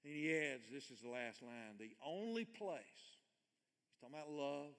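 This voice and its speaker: A man's voice: medium pitch, unhurried, clean tone. Older man preaching in a reverberant hall. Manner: earnest, swings from loud emphatic reading to hushed quiet lines. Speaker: pastor. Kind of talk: sermon.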